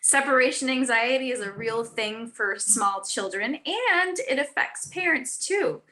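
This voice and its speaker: Earnest mom-author lady on a live chat, bright higher voice, lots of ums and restarts. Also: expressive, unhurried. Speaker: author guest.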